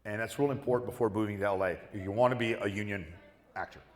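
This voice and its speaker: A guest actor on a convention panel, his voice on the low side and fast, tells profane anecdotes in an animated way, acting out the people in them. The sound is echoey, typical of a convention hall.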